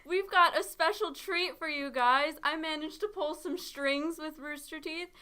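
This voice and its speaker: A woman's voice: high voice, a little slow, bright, forceful tone. A woman co-hosting a podcast, playful and joking, laughing often. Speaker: podcast co-host. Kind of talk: casual chat.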